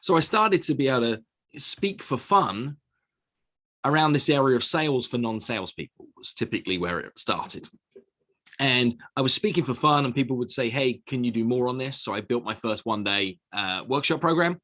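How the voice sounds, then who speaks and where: A man's voice: mid-range voice, moderate pace. Middle-aged guy, bit british bit american accent, chatty podcast guest, keeps restarting words. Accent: mixed British and American. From United Kingdom. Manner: animated storyteller with frequent repeated words and restarts. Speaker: guest, sales speaker. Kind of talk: conversational podcast interview. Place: small office studio.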